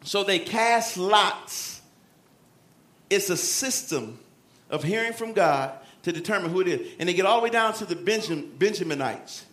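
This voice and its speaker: A man preaching a sermon in a lively, animated way, shouting at times and dropping to a hush, acting out Bible figures. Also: high voice, moderate pace, reverberant.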